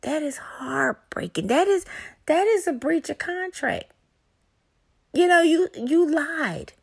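A woman's voice: very high voice, animated, slow pace, a little mellow. Brash, profane woman ranting. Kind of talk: explicit comedic monologue.

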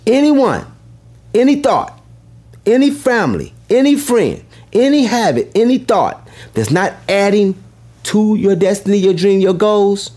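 A man whose voice sits high with a darkish tone delivers a motivational speech, very animated yet unhurried. Emphatic like a preacher, he repeats his key lines and puts questions to the audience.

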